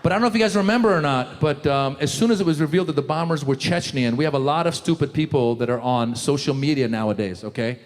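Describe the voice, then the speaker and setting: A male stand-up comedian doing a live set, mocking and quick, talking straight to the crowd on a handheld mic. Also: on the high side, big-room sound. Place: live comedy stage before an audience.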